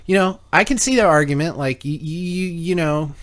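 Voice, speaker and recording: A man's voice: on the high side, moderate pace, fairly bright tone. A man co-hosting a call-in talk show, telling a long story in casual chat, swearing and acting out both sides of conversations. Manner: rambling storyteller, swears, acts out dialogue.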